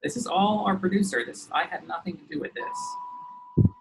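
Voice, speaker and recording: Outdoors, a church organist interviews a colleague in a casual, playful way, firing off quick questions and teasing his guest. His voice is high and creaky, and there's background noise.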